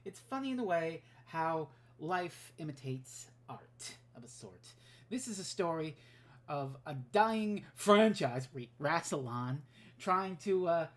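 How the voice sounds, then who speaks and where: A woman's voice: mid-range voice, lively intonation, takes it slowly. A woman giving a heated, profanity-laced rant as a podcast guest. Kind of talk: recorded rant segment.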